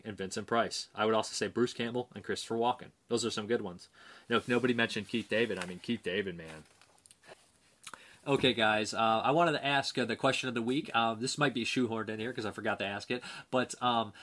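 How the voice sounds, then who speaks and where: A man with a somewhat low voice hosts a casual movie review show. He reads viewer comments aloud and rambles between them, hesitant and full of fillers and restarts. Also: a bit bright. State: dry mouth.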